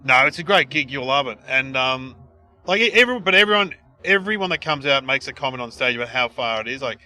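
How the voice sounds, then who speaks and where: A man's voice: mid-range voice, fast. An Australian comedian in his forties, chatting casually and rambling through stories with lots of restarts. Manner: rambling, lively storytelling with many restarts. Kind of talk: casual chat.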